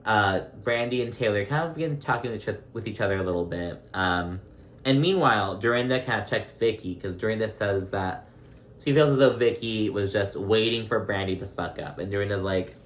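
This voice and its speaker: A man casually recapping a reality show episode, chatty and gossipy, laughing often and filling pauses with ums. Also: lowish voice. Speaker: recap vlogger. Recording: roomy echo.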